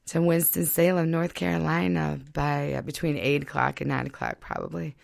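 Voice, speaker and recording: Female studio guest, from Michigan; gravelly, dry close sound; loose chatty delivery. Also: low voice, little pitch movement, moderate pace, no echo. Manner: chatty, many fillers and laughs. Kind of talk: casual studio chat. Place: radio studio.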